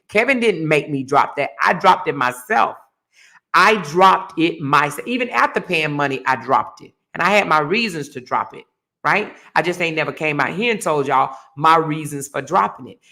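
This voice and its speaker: Hosting her own livestream, a woman with a deep, slightly bright voice rants casually. She's heated, blunt and profane, repeating her points.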